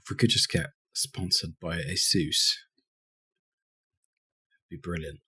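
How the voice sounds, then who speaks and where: A man's voice: deep voice, steady tone, measured pace, sharp tone, slightly rough. An English man co-hosting a gaming podcast, rambling and poking fun at himself. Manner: rambling, self-mocking. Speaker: podcast co-host. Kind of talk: casual banter.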